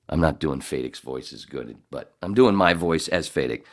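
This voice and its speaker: A man's voice: extremely low pitch, lively intonation, normal speed, hardly any pauses. A middle-aged man hosting a podcast in casual chat, rambling and swearing, often laughing. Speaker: podcast host.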